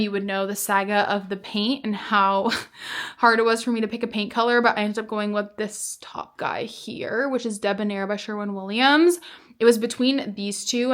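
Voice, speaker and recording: A woman's voice: mid-range voice, fairly bright tone. A young woman chatting casually to camera at home in a vlog, bubbly and chatty. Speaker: vlogger.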